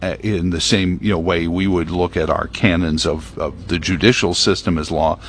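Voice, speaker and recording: A man's voice: low voice, steady tone, moderate pace, slight background noise. A man hosting a talk radio show, chatting casually in a rambling, opinionated way full of fillers. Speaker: radio host. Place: broadcast booth at a prayer meeting venue.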